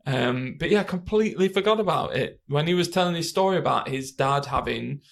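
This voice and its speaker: Gravelly British man chatting about films. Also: fairly high pitch, expressive, fairly quick. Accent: British English. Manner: rambling, storytelling, many fillers. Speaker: podcast co-host. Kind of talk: casual film review chat.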